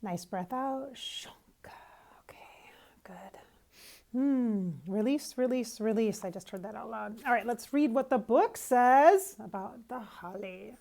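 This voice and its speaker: A woman giving a casual spiritual reading to her viewers, musing aloud and feeling her way with soft asides. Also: a little high, expressive, unhurried, gravelly, hardly any pauses. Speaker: intuitive reader.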